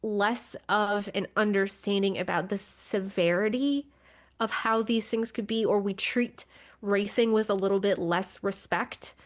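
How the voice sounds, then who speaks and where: Woman podcast co-host, mid pitch, casual and chatty. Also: fairly even intonation, measured pace. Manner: conversational, with frequent fillers and restarts. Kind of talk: casual chat.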